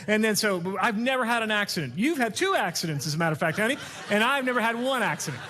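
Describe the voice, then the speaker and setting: A man giving a teaching talk on communication skills, an animated storyteller who acts out dialogue. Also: very high-pitched, very fast. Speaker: speaker teaching communication skills to youth workers.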